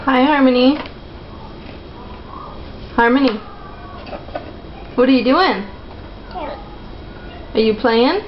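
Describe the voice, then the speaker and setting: A mother filming at home, talking slowly and coaxingly in sing-song baby talk to her toddlers. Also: high-pitched. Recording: dull lo-fi sound with steady background noise.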